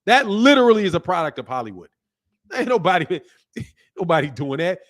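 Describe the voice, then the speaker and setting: A man's voice: high-pitched, fairly quick. A man hosting a casual livestream, reading viewer comments aloud and answering them bluntly, swearing and laughing often. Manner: blunt, profane, laughs often, animated asides. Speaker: boxing channel host.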